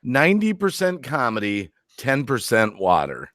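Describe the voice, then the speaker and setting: A man's voice: medium pitch, wildly swooping pitch, normal speed, fairly bright tone, no room sound, clean studio sound. A man hosting a casual live stream, upbeat, tossing out catchphrases and reading viewer comments aloud.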